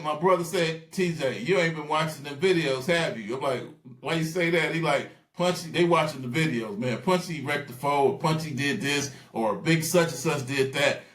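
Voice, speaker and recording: A man telling stories in a casual interview, animated and acting out the voices of people he quotes. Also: on the high side, normal speed, few pauses, echoey room. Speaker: guest.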